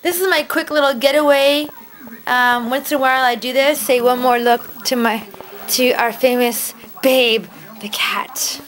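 High-voiced woman cooing to her cat. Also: fairly even intonation, unhurried, fairly bright tone, low-quality recording. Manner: cooing, doting talk to her cat, laughs often. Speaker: vlogger and cat owner. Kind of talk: casual home-video vlog. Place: hotel room.

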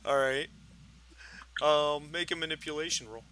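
Bright-voiced male game master. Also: fairly high pitch, poor audio. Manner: halting, many fillers and restarts. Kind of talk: narrating a tabletop game.

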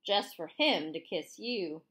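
Drunk leering sheriff with a slow lazy drawl, lively pitch , read by a woman narrator; storybook audiobook. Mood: taunting. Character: drunk leering small-town male sheriff.

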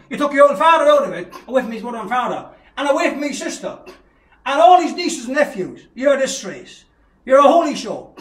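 A man's voice: very high-pitched, fairly bright tone, echoey room, far from the mic. A man with an Irish Traveller accent, ranting in a taunting callout video, hurling repeated insults and mocking laughs. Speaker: vlogger issuing a challenge.

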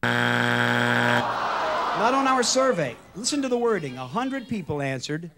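A man hosting a television game show, teasing the contestants in an animated, joking way. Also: sits high, a little slow, heavy background noise. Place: television studio stage. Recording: archival TV broadcast with loud studio audience.

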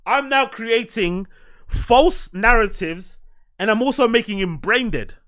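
A man's voice: sits high, animated, a little slow, pushed and bright. A man with a London accent giving blunt, sarcastic reaction commentary. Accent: London English. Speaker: commentary streamer.

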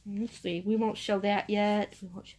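A young woman unboxing a book subscription box in casual chat, gushing and excitable. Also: mid-range voice, normal speed, background noise. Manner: gushing, excitable, repeats "oh my gosh".

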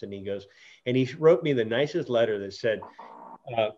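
A man hosting a casual interview over a video call, telling an earnest story full of restarts and fillers. His voice sits at an ordinary pitch. The audio sounds a bit dull and lo-fi. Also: moderate pace, a little mellow. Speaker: podcast host.

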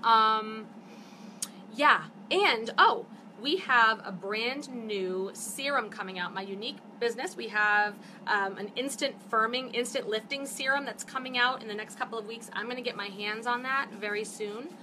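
With a slightly high voice at a moderate pace and noise in the background, a network marketing host in her fifties talks to live stream viewers through a phone or webcam. Her manner is casual, chatty and animated, and she gets fired up along the way.

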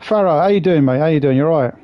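A man's voice: fairly high pitch, very fast, dry recording, lo-fi sound. A man streaming a game, chatting casually with viewers, swearing and greeting them by name. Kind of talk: casual live-stream chat.

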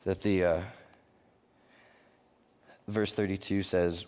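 A man's voice: mid-range voice, fairly quick, darkish tone. Casting note: a young male youth pastor, earnest and conversational, speaking in a mid-range voice and stumbling over his restarts. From Colorado. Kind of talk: sermon. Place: church youth service.

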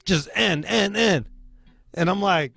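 A man's voice: high voice, takes it slowly, gravelly, no echo. Host, male, foul-mouthed rambling storyteller, faint music underneath. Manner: profane, rambling, animated retelling. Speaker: show host. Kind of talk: casual storytelling.

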